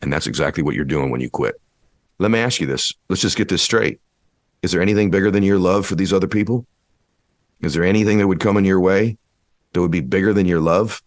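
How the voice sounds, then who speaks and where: A man giving a motivational speech, preachy and building to impassioned shouting. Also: low voice, quick pace, no echo, clean studio sound. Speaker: motivational speaker.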